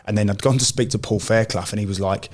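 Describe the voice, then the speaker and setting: Man, middle-aged, low voice, rambling anecdotes, casual podcast chat. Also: steady tone, quick pace. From Essex, England. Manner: rambling storyteller, restarts, acts out quoted voices. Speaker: podcast co-host, ex-footballer.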